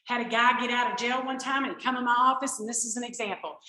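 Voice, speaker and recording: A woman tells her personal recovery story to a group in an animated, storytelling way. Her voice sits a little high and rings bright and forceful. The recording is echoey, as in a meeting room. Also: fast talker. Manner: animated storytelling, acts out quoted exchanges. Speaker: recovery speaker. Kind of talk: personal testimony talk.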